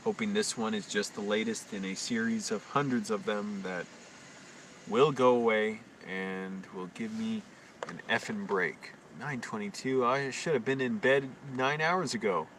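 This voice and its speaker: Low-ish guy muttering anxiously on a late night livestream, kinda far from the mic, loud hum in the background. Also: unhurried. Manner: quiet, anxious self-talk with frequent restarts. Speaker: live streamer. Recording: distant mic with constant hum.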